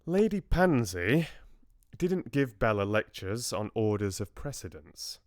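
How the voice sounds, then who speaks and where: A man reading a novel aloud on a livestream in a measured, expressive way. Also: medium pitch, no echo, clean studio sound. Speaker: book club host reading aloud. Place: home livestream.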